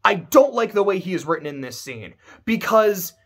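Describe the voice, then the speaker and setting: A man's voice: high voice, sing-song, moderate pace, husky. A man giving casual game commentary to camera, emphatic and ranting, swearing freely. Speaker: video creator.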